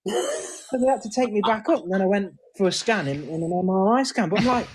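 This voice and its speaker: A man's voice: sits high, quick pace, a little hiss or hum. A man co-hosting a casual podcast chat, telling stories and quoting the people in them. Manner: relaxed storyteller, quotes others with a laugh. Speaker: podcast co-host.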